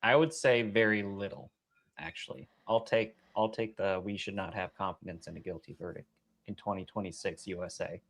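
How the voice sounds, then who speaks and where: A man in a casual stream debate, trading dry, mocking remarks with his opponent. His voice sits on the lower side. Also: normal speed, gravelly, no echo.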